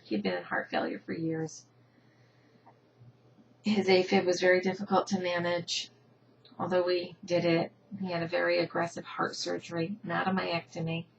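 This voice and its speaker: A woman's voice: on the low side, normal speed, creaky, lo-fi sound, a little hiss or hum. A middle-aged woman from New Jersey telling her family story, emotional and heartfelt, her voice sometimes dropping to a whisper. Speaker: patient advocacy founder. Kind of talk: personal story to camera.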